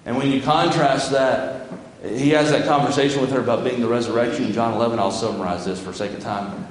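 A man's voice: medium pitch, fairly even intonation, a little fast, a little hiss or hum. A man preaching a sermon as pastor of his church, folksy and conversational, reading scripture aloud between his own remarks. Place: church sanctuary. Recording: very echoey church hall with long reverb.

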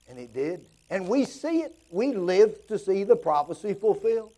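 A man's voice: high voice, very animated, moderate pace, few pauses, mellow. A male pastor preaching a sermon to his church, full of rhetorical questions and rising passion.

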